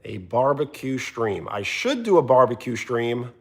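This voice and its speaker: A man live streaming, chatting casually and answering viewers' comments in an animated, teasing way. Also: measured pace, husky. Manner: animated, teasing, often jumping higher in pitch.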